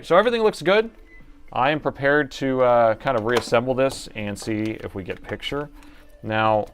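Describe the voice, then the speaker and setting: A middle-aged man talks through a live laptop repair, chatty and quick to poke fun at himself. His voice sits low and carries a gravelly rasp. Faint music runs underneath. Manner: chatty and self-mocking, talking while working. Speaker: repair technician streamer. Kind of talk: live repair stream commentary.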